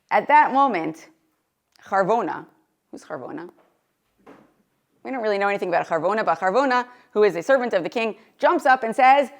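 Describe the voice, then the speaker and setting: A woman with a medium-pitched voice and some vocal fry delivers a Torah lecture before a live audience. As a Torah teacher, she reads Hebrew sources aloud, translates them, and frequently poses questions.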